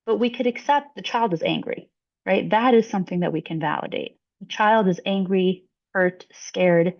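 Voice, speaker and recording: A woman psychologist presenting a webinar, explaining clearly and acting out short example lines. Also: medium pitch, moderate pace. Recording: dull lo-fi webinar audio.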